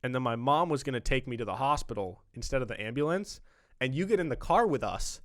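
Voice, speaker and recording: A young man hosting a podcast in casual chat, relaxed and swearing freely as he tells stories. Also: mid-range voice, quick pace, no room sound, clean studio sound. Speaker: podcast host.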